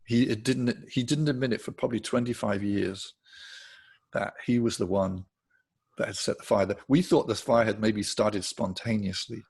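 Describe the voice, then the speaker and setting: An older Englishman with a gravelly, husky voice tells anecdotes in a relaxed interview. He sits slightly low in pitch, chatty and quick to laugh. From England. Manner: chatty, laughs often while telling anecdotes. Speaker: guitarist guest. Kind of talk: casual interview storytelling.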